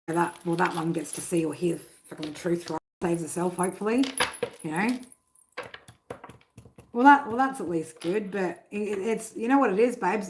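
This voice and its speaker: Hosting a tarot live stream with background noise, a middle-aged woman talks casually at medium pitch. Her manner is blunt, full of swearing, and she keeps asking "right?"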